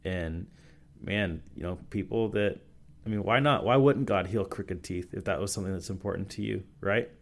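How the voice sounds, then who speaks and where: A man with a deep, low voice talks through stories as a pastor on a podcast. His telling is loose and rambling, full of restarts and fillers like "like" and "you know". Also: moderate pace, vocal fry. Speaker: youth and young adults pastor. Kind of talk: casual storytelling in a podcast interview. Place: podcast recording session.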